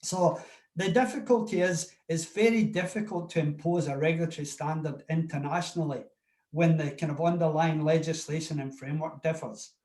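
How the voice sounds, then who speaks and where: A man's voice: fairly high pitch, fairly even intonation, a little fast, a little mellow. Scottish man, echoey room. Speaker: panelist. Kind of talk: panel discussion.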